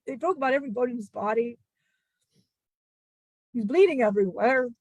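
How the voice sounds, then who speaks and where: A woman channeling the spirit of an ancient male disciple, telling a grieving testimony in halting, emotional bursts with many restarts. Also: on the high side, animated, a little mellow, no echo. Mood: solemn.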